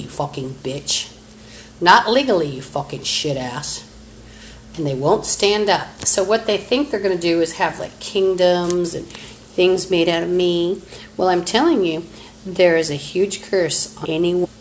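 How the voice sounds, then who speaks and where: A woman's voice: fairly low pitch, unhurried, reverberant, slight background noise, low-quality recording. A woman on a phone live stream, talking in an agitated, rambling monologue full of profanity. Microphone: phone streaming app.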